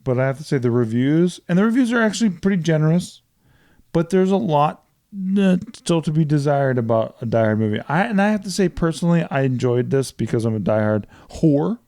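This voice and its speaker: A man telling movie stories in a casual podcast chat, profane and animated as he recaps plots. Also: fairly high pitch, fairly quick, no room sound, studio quality. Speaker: podcast co-host.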